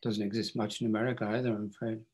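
A man's voice: on the low side, flat delivery, racing, darkish tone, husky. An older man, a guest author telling stories in a wry, self-deprecating way at a bookstore interview. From Ireland.

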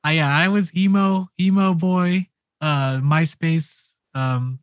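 A young man on a podcast, telling a story in a lively, animated way, swearing and acting out the quotes. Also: fairly high pitch, slow, no room sound. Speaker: podcast co-host. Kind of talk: casual podcast chat.

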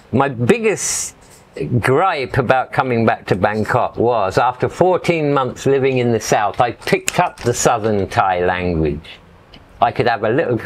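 A man's voice: on the low side, a little hiss or hum. A middle-aged man from England telling stories in a casual, rambling way as an interview guest, dropping "you know" often. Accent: English. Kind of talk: casual storytelling.

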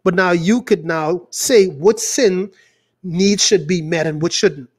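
A male pastor preaches with fervor, and his voice sits fairly high for a man. He swings between loud climbs and low, drawn-out phrases, slowing right down on the words he wants to land. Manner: fervent, rising and falling, stretches words for emphasis. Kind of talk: preaching prayer and sermon.

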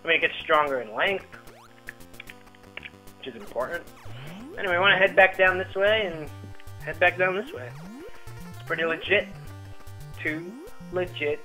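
Young man, let's play commentary, self-mocking jokes, bright tone, faint music underneath. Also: medium pitch, poor audio. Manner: rambling, self-mocking, jokey asides. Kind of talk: casual gameplay commentary. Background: game music.

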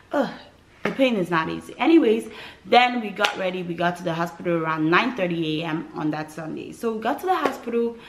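A woman's voice: medium pitch, rough recording. A woman from West Africa telling her birth story to camera in a casual, dramatic way, with frequent asides to viewers. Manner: animated, dramatic retelling with acted quotes and asides to viewers.

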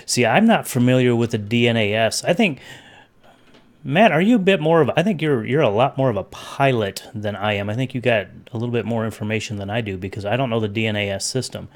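A man chatting casually on a home livestream, talking straight into his webcam. He rambles loosely, drifts between topics and breaks off to greet viewers from the chat by name. His voice sits at an ordinary middle pitch. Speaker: livestream host.

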